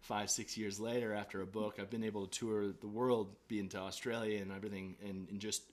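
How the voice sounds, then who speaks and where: A young adult man, a podcast guest telling a story in a casual, animated way, acting out his own past lines with lots of fillers and restarts. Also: lowish voice, brisk. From Canada.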